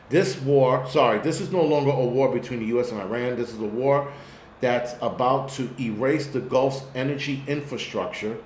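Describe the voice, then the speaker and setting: A man's voice: medium pitch, roomy sound, a little hiss or hum. Blunt, profane New York man ranting. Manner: blunt, profane, rambling rant. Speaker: host. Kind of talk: live-stream commentary.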